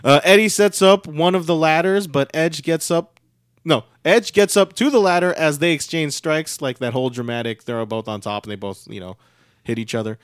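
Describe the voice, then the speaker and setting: A man with a fairly high voice, talking through a wrestling match move by move on a casual podcast. He gets excited and loud on the big spots. The sound is dry and close, with no room around it. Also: moderate pace, smooth, dry recording. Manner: lively play-by-play, rising loudly on big moves. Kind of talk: casual chat with play-by-play recap.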